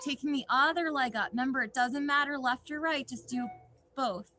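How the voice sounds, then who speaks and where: A young woman leading a yoga class for children outdoors in a snowy backyard, giving gentle instructions with playful asides. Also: high voice, moderate pace, slight background noise. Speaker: yoga teacher.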